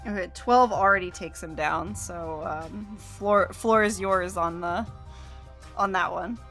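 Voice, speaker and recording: A woman acting as game master, narrating a tabletop game and making relaxed rulings. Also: fairly low pitch, slow, faint music behind.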